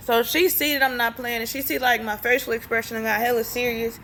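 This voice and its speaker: A woman's voice: fairly high pitch, fast talker, a little hiss or hum. A young woman telling a story casually, blunt and profane, acting out the dialogue as she goes. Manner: blunt, profane, animated retelling with quoted dialogue. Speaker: storytime vlogger.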